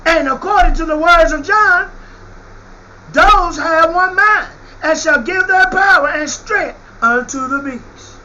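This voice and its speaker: Man, preacher, fiery sermon, shouted scripture, slangy asides, bright sharp voice. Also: extremely high pitch, slow pace, a little hiss or hum, poor audio.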